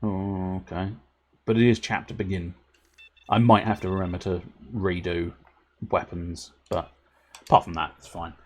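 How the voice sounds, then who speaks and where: A man's voice: low voice, little pitch movement, moderate pace, long pauses, a little mellow, slight background noise. A man streaming video games, chatting casually in a playful, rambling way and joking to himself. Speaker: game streamer. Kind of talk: casual gameplay commentary.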